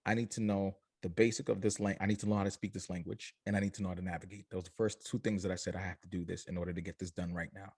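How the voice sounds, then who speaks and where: A low-voiced young man tells his founder story in an interview, acting out the voices of his family as he goes. The sound is dry and close. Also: flat delivery, racing, hardly any pauses, a little mellow, breathy edge, no room sound. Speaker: shoe company founder.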